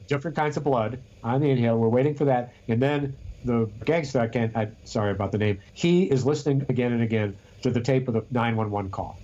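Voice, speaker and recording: A man's voice: medium pitch, fast talker, hardly any pauses, dark tone, a little hiss or hum. Rambling man on a lo-fi podcast. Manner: rambling, restarts often, storytelling. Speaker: podcast co-host. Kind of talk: casual chat.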